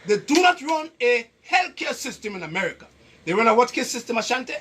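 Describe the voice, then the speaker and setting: A man's voice: very high-pitched, sing-song, quick pace, a bit bright, breathy edge. Emphatic Caribbean man preaching about health. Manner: preachy, emphatic, repeats points and quizzes listeners. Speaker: health educator. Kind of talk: lively health talk to an audience.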